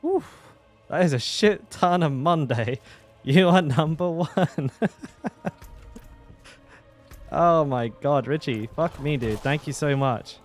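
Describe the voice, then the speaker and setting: Higher-voiced man casually streaming a game. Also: measured pace, soft background music. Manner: swears often, laughs, trails off mid-sentence. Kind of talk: casual live-stream chat while gaming.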